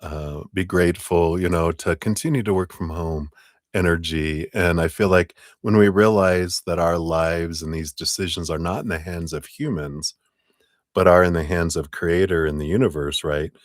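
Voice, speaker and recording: A man with a very low voice gives a tarot reading on a live stream. He is relaxed and chatty and talks in spiritual terms. His voice is close and dry, with no room sound. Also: normal speed, dry recording. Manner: relaxed, chatty, thanks donors, spiritual wording. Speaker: tarot reader. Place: home.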